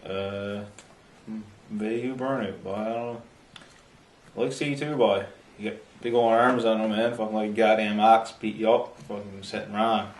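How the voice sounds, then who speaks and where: An actor with a Newfoundland accent playing a blunt, profane small-town buddy, talking in clipped slang. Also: male voice, lowish voice, steady tone, moderate pace, close to an everyday voice. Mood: gruff. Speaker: mockumentary interviewee. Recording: roomy echo, distant mic, faint hiss.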